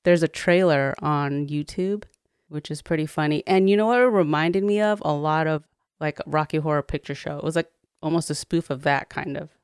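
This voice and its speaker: A woman co-hosting a podcast, relaxed as she tells the history with many fillers. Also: low voice, moderate pace, clean tone, dry recording, clean studio sound. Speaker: podcast co-host. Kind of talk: casual chat.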